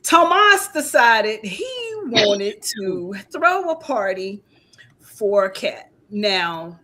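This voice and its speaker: A woman podcast host recapping a TV episode in casual chat, telling it in an animated, storytelling way. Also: mid-range voice, a little hiss or hum. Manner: animated storytelling, quick reactions.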